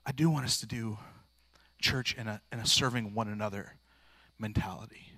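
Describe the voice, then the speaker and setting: A man's voice: lowish voice, moderate pace, sharp tone, no echo. A male pastor preaching a sermon in a plain-spoken, earnest, informal way, restarting phrases often. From rural area.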